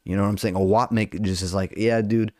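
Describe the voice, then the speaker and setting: A fired-up young man rants casually to his viewers, stumbling through filler words and swearing freely. His voice sits slightly low, and the recording is dry and close with no room sound. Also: steady tone, quick pace, darkish tone, dry recording. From Albanian heritage. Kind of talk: casual rant to camera.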